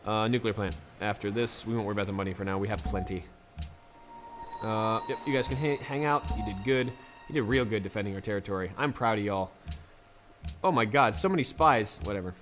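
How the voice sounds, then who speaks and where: A man's voice: fairly low pitch, fairly quick, fairly bright tone, faint music behind. A man casually commenting on his strategy game, chatty and laughing often, talking to the units on screen. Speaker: let's play gamer.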